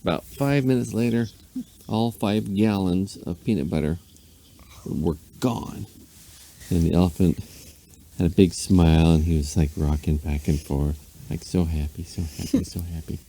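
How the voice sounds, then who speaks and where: A man's voice: sits low, steady tone, normal speed, dark tone, slight background noise. A man, a dad, rambling playfully through an improvised bedtime story. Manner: rambling, playful, with silly asides.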